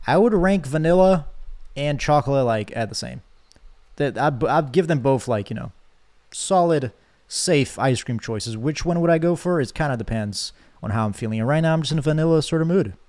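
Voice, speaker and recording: A man's voice: on the high side, lively intonation, moderate pace, darkish tone. A young man streaming a game, chatting casually with his viewers, joking and reading chat aloud.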